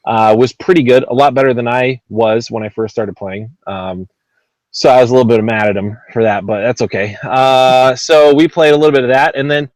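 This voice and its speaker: Guy hosting a podcast, rambly, tons of ums and uhs, laughs at himself, dry close sound, mid pitch. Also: fairly even intonation, fairly quick, darkish tone, no echo, low-quality recording. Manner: rambling, lots of ums and uhs, self-deprecating. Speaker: podcast host. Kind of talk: casual podcast chat.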